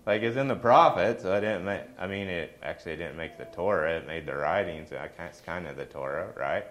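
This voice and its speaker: A man's voice: low voice, brisk, a bit bright. A middle-aged man preaching a sermon in a conversational way, often asking the congregation questions.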